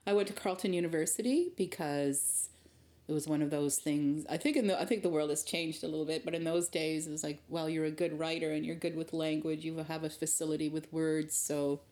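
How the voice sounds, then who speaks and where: A middle-aged woman from rural Ontario, Canada, appears as an interview guest, recounting her early career candidly and thoughtfully with frequent restarts. Her voice sits low with a dark tone, and she talks a little fast in this reflective storytelling.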